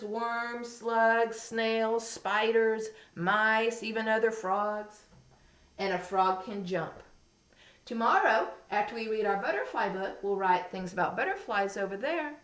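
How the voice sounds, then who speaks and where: A woman's voice: mid-range voice, echoey room. A woman, a kindergarten teacher leading a reading lesson and talking patiently in a sing-song way to small children.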